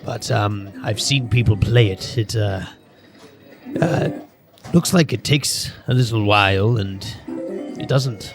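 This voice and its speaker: A man voicing Titus, a male bartender who has spent years at sea, speaking in a halting, hesitant way. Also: lowish voice, over music. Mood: calm.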